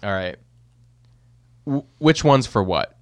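A man's voice: on the low side, animated, slow. A man co-hosting a casual podcast in an easygoing, chatty way, laughing often. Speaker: podcast co-host. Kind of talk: casual chat.

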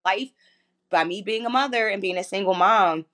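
A woman's voice: mid-range voice, normal speed, fairly bright tone. A woman in her forties talks openly as an interview guest. She tells her stories with animation and laughs often along the way. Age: 40s. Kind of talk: casual chat.

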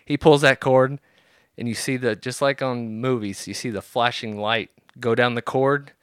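A man telling a story on a podcast in a casual, animated and profane way. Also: mid-range voice, normal speed, clean tone, no room sound, studio quality.

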